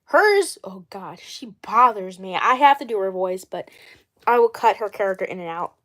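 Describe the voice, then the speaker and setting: A young woman in her twenties chatting casually on a livestream about the dolls she voices, rambling, correcting herself and often clearing her throat. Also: mid-range voice, expressive, moderate pace, a bit bright. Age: 20s. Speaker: doll series creator.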